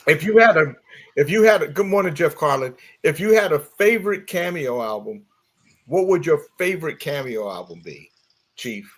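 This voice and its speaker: A man's voice: a little high, moderate pace. A man hosting a casual morning talk show, chatting with his co-hosts and greeting listeners by name. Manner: animated storyteller, shifts voice for quoted characters. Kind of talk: joke telling and casual chat.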